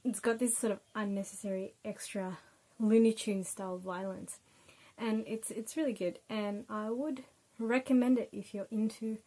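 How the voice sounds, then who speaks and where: A woman's voice: medium pitch, fairly even intonation, moderate pace, warm tone, poor audio. Young Australian woman, casual reviewer, chatty and loose, mid-range voice, lots of fillers. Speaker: book reviewer.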